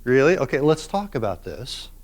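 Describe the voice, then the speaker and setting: A man's voice: mid-range voice, very animated, normal speed, pitched below the performer's own voice. A man voicing God as a stern, sarcastic questioner in a classroom reading. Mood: challenging. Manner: mock-sarcastic, challenging.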